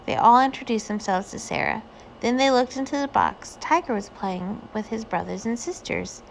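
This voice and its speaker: A woman reading a children's picture book aloud, with gentle storytelling. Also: fairly high pitch, expressive, moderate pace, vocal fry, a little hiss or hum. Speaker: reader.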